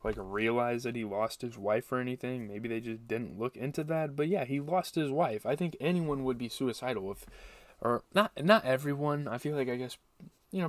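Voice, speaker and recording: A man's voice: medium pitch, far from the mic. A young man hosting a casual movie review, rambling and correcting himself as he thinks aloud.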